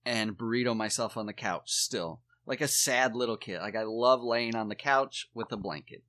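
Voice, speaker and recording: A man chatting casually about his kids, telling stories and swearing in a relaxed way. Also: medium pitch, normal speed. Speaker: podcast co-host, father. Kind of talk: casual chat.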